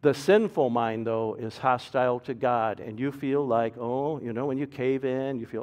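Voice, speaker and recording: A man preaching a sermon as pastor, with a dynamic delivery that swings from loud emphasis to soft, low asides. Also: moderate pace. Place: church sanctuary. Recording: reverberant church hall.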